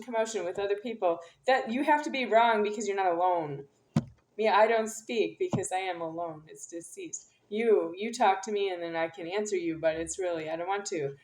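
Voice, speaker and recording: This is a woman with a voice of ordinary, middle pitch, talking to the camera without a script. She speaks intensely and repeats herself as she turns to an unseen listener and addresses them directly. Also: darkish tone. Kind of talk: unscripted monologue to camera.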